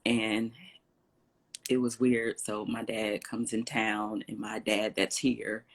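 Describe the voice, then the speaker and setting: A woman guest in an interview telling a personal story in an animated way, acting out what others said and often clearing her throat. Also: a bass voice, slow pace. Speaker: interview guest, salon owner.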